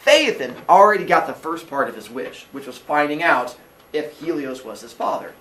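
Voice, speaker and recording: Male teacher, animated storyteller, fairly high voice, echoey classroom with the mic set off at a distance. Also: normal speed. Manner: playful, acts out characters, asks the class questions.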